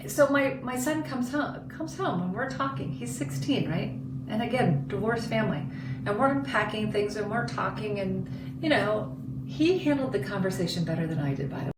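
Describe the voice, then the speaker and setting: A woman in her forties with a mid-range voice, speaking at normal speed, co-hosts a podcast and tells a candid personal story. She's expressive and acts out the quoted dialogue and voices. The recording is roomy, with a distant mic and background noise.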